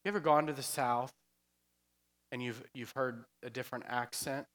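A male pastor delivers a loose, conversational sermon, slipping into humorous asides and laughing along with his congregation. His voice is bright and forceful. It rings with the long reverb of a church sanctuary. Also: mid-range voice, fairly even intonation, normal speed. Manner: chatty, joking asides, laughs often.

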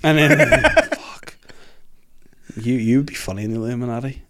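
A man's voice: medium pitch, huge pitch swings, normal speed, fairly bright tone. A man hosting a podcast, trading jokey, sweary banter with his guest. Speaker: podcast host. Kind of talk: casual podcast chat.

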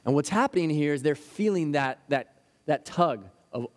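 A man delivers an earnest sermon in a fairly high voice. He tells stories and now and then acts out a worried child's voice. His words ring out with a long reverb, as in a large hall. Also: expressive, moderate pace. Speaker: pastor.

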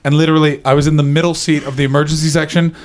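A man doing a stand-up comedy set, chatting with the audience and shouting out the punchlines. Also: on the high side, rapid-fire, a little hiss or hum. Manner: animated, shouting voices for punchlines. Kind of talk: stand-up set with crowd work.

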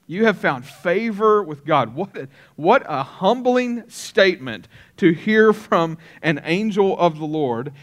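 A middle-aged male pastor preaching a conversational sermon, with casual fillers and slower, deliberate scripture reading. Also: on the high side, expressive.

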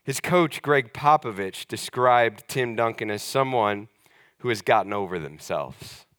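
A young adult man preaching a sermon to a church congregation, conversational and emphatic, slowing down to stress key words. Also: medium pitch, fairly bright tone, dry recording, studio quality. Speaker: pastor.

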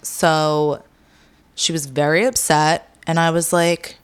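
A young adult woman speaking candidly as an interview guest, with many pauses and fillers. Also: low-pitched, level tone, smooth. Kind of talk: casual interview.

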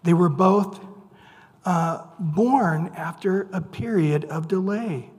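A man preaches a sermon in a bright, high voice, telling the story casually and with humor. He acts out the voices of the people he quotes. His voice rings out with a long reverb, as if in a large hall. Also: slow pace. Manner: conversational, playful retelling with voiced quotes.

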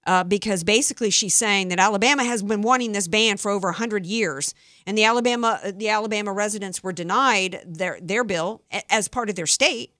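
A woman's voice: medium pitch, a little fast, bright, forceful tone, dry recording, clean studio sound. A woman hosting a political talk radio show, chatty and opinionated. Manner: opinionated, chatty, reads statements aloud.

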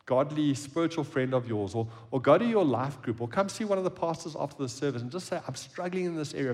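A man preaching a sermon at a church service, shifting between emphatic lines and hushed, quiet phrases. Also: fairly high pitch. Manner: expressive preaching, drops to a hushed tone on key phrases. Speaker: pastor.

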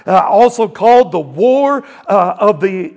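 A man preaching a sermon, with dramatic swings between loud, booming passages and hushed ones, calling out to the congregation for responses. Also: lively intonation, measured pace, creaky. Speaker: pastor.

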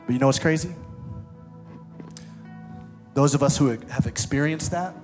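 A man preaches to a church and an online audience in a high voice, with faint music underneath. He swings from fervent, near-sung shouts to a soft, prayerful hush as he leads a prayer. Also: normal speed. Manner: impassioned, rising to shouts and dropping to hushed prayer. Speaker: pastor. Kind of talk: sermon. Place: church service streamed online.

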